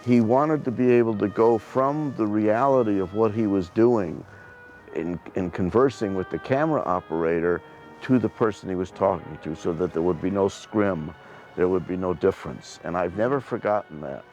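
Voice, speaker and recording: A man's voice: low voice, moderate pace, darkish tone, muffled recording, faint music behind. A male interviewer reflecting aloud and acting out a story he has read about a film actor. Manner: reflective, acts out a retold story. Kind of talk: interview conversation.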